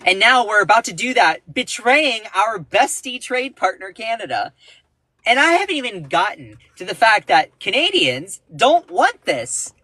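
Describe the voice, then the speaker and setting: A man giving casual, indignant political commentary on a livestream, emphatic, with sudden jumps in pitch. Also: big pitch swings, a little slow, bright, forceful tone, dry recording. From United States.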